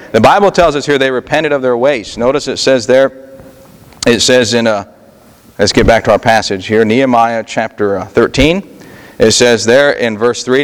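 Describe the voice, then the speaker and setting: A male pastor preaching a sermon in a conversational style, often pausing on fillers and restarting his sentences. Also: mid-range voice, in a large hall. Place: church sanctuary.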